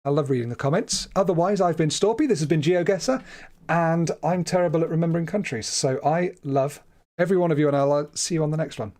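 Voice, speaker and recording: A British man chats his way through a guessing game on a livestream, teasing himself and laughing often. His voice sits a little high for a man, and his delivery is relaxed and conversational. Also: fast. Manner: chatty, self-deprecating, laughs often. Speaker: streamer. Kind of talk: casual livestream game commentary.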